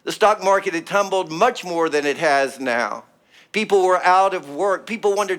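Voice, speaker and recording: A middle-aged male pastor preaching with emphatic, rhythmic repetition. His speaking voice sits a little higher than most men's, and he presses each phrase home. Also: expressive, normal speed, fairly bright tone. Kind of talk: sermon.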